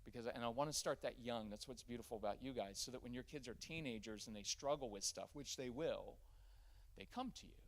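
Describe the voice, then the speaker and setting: A man runs a live parenting workshop in a church, speaking directly to his audience with a medium-pitched voice at a quick pace, barely pausing. He's animated, acting out the words of parents and kids as he goes.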